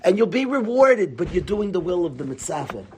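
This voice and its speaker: A man giving an animated Torah class. He talks emphatically, repeats key phrases and asks rhetorical questions. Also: high voice, normal speed, slight background noise.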